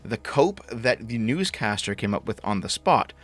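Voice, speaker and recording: A man's voice: fairly low pitch, big pitch swings, moderate pace, soft background music. A man ranting as a political commentator, sarcastic and mocking, with frequent swearing.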